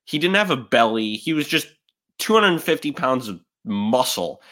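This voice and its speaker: A man's voice: medium pitch, normal speed. A man co-hosting a sports podcast, chatting casually and rambling with lots of restarts. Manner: animated, rambling with many restarts.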